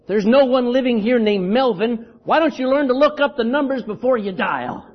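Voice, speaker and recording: A man's voice: extremely high pitch, moderate pace. A man voicing an irritable middle-aged man who answers the phone and scolds the caller, in a dull lo-fi recording. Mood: irritated. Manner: annoyed, scolding.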